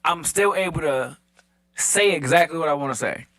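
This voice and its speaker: A man's voice: on the high side, moderate pace, bright, forceful tone. A man from Baltimore, a little drunk, talking earnestly on a podcast and repeating himself to hold the floor. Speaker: podcast guest, entrepreneur. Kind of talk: loose tipsy podcast chat.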